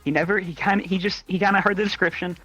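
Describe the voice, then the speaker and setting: A young man telling a story in casual chat, animated and swearing freely as he acts out the people in it. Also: sits high, fast talker, no room sound, soft background music, poor audio.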